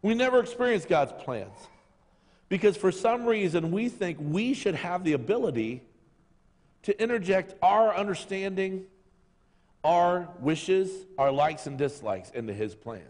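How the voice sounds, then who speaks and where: A middle-aged male pastor delivering a sermon with a lively, swooping voice that sits a little high. He tells jokey stories and acts out other people's lines. His voice rings out with a long hall reverb. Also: measured pace. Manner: jokey storytelling, acting out voices. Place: church sanctuary.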